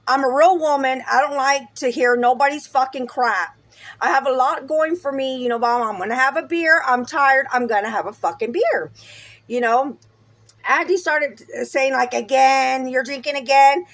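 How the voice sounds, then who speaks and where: A woman's voice: sits high, moderate pace, a bit bright, no echo. A middle-aged woman rambling and venting in a casual, profane vlog. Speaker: vlogger.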